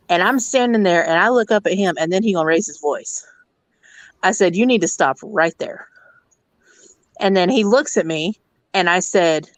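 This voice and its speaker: A woman's voice: mid-range voice, no room sound. A woman who works as a hotel district manager, telling a blunt, profane story about a rude guest in a casual rant. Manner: blunt, profane, animated retelling.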